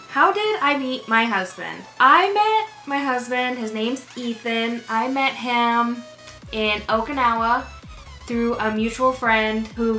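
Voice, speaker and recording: A woman's voice: fairly high pitch, sharp tone. A young woman chatting casually in a Q&A vlog, rambling with fillers and restarts. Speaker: beauty YouTuber. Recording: echoey room with music behind.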